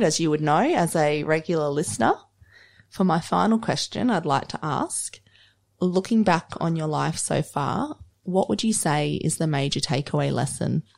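A woman's voice: low voice, vocal fry, a little mellow. A woman hosting a podcast interview, chatty and playful, given to teasing her guest. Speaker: podcast host.

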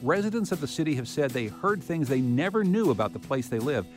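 A man hosting a public radio podcast, reading scripted segments and interviewing a guest in a measured, conversational way. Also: on the high side, big pitch swings, faint music behind.

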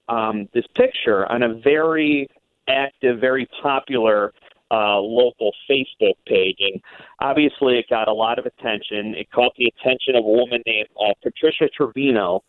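A man's voice: medium pitch, no room sound. Man on phone line, tinny, dry, rambling with fillers, radio guest. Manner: rambling, many fillers and restarts. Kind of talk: phone interview storytelling.

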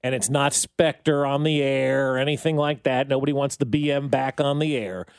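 A man's voice: medium pitch, normal speed, vocal fry, smooth, no echo, studio quality. A man with a Kansas City accent, hosting a sports radio show and chatting casually while reading out listener texts. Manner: joking, lively, reads out listener texts. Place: radio studio. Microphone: studio mic.

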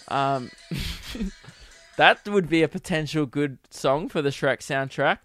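A man's voice: fairly high pitch, a little slow, long pauses, a bit bright, soft background music. Rambling, giggly man. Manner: rambling and giggly, full of fillers. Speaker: podcast host and comedian. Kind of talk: casual solo podcast chat.

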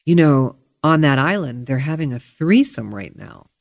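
A woman quoting a smooth-talking, flirtatious man she met while swimming, in a coaxing tone. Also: sits low, lively intonation, normal speed. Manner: coaxing, suggestive.

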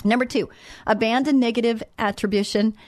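A woman's voice: a little high, fairly even intonation, brisk, a little mellow, no echo. Middle-aged woman radio host, faith talk, conversational and repetitive, dry close mic. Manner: conversational, repeats words, says "okay?" and "you know". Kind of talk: Christian parenting talk.

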